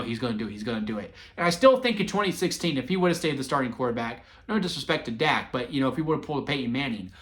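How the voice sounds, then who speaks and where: A man in his twenties telling wrestling memories in a casual, sentimental vlog, excitable and full of fillers and restarts. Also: medium pitch. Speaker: wrestling vlogger. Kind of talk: casual rambling storytelling.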